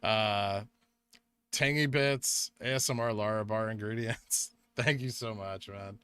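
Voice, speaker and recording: Chatty bright-voiced male streamer. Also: lowish voice, steady tone, smooth, dry recording. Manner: chatty, reads donations, quick asides. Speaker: livestream host. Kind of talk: casual livestream chat.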